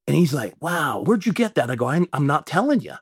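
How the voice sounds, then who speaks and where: A man's voice: on the high side, very animated, a little fast, breathy edge, dry recording, studio quality. A man who is a pastor, telling a long story in an interview, rambling with many restarts and folksy sayings. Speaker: pastor and mayor.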